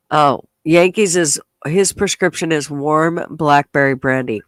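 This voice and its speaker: A man's voice: on the high side, measured pace, few pauses, fairly bright tone, clear, resonant tone, no echo. A congested man hosting a rambling, casual livestream chat with a nasal, stuffed-up voice. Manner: rambling, chatty, swears casually. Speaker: podcast host.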